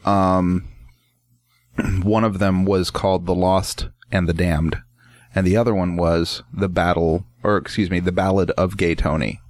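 A man's voice: low-pitched, flat delivery, a little slow, dry recording, studio quality. A man in casual chat, telling a rambling story with lots of swearing and laughter.

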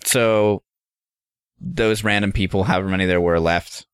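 A man co-hosting a podcast, telling a story in an animated, profane, casual way. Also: low-pitched, moderate pace, clear, resonant tone, dry recording, studio quality. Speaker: podcast co-host.

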